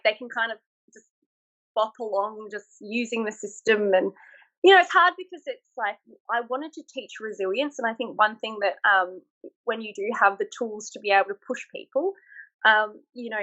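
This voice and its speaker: An Australian woman in her thirties, a former military instructor, telling stories in a frank, animated way with frequent laughs, over a remote call. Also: on the high side, moderate pace, lo-fi sound. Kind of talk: casual interview chat.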